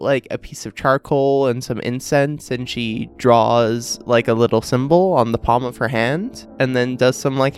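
Rambling, hesitant man playing a tabletop game. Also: mid-range voice. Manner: rambling, hesitant, filler-heavy. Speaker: player. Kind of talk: casual tabletop game play.

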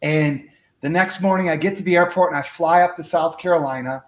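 A man telling a story from his life as an interview guest, acting out the dialogue with lively energy. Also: fairly high pitch, a little fast, echoey room. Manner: animated, acts out dialogue. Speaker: guest speaker.

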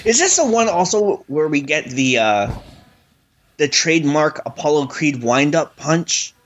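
A man's voice: a little high, big pitch swings, a little slow, lo-fi sound. A man co-hosting a casual film discussion, joking and rambling with fillers.

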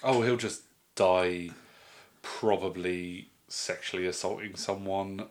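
A man's voice: sits low, fairly even intonation, slow. A man co-hosting a podcast, chatting casually with dry, cutting asides. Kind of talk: casual chat.

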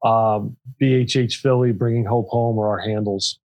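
A man's voice: fairly low pitch, fairly even intonation, normal speed, highs cut off. Earnest man telling a candid story. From Pennsylvania. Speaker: nonprofit co-founder and CEO. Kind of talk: podcast interview.

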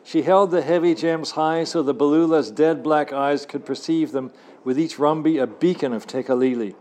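A man reading his own adventure novel to a live audience in a cafe, expressive and wry, adding asides. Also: fairly high pitch, moderate pace. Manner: wry, expressive storyteller who adds asides.

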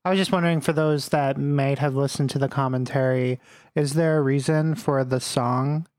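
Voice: mid-range voice, steady tone, moderate pace, a little mellow, no room sound, studio quality. A co-host in a casual chat asking a question. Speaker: podcast co-host.

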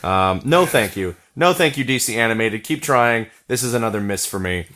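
A man's voice: medium pitch, animated, normal speed, fairly bright tone. A man co-hosting a podcast, reviewing film releases in casual, wry, joking chat. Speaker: podcast co-host reviewing films.

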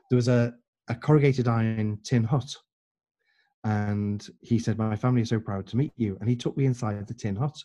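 A man's voice: on the low side, dark tone. Earnest man telling a story. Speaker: guest. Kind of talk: storytelling in conversation.

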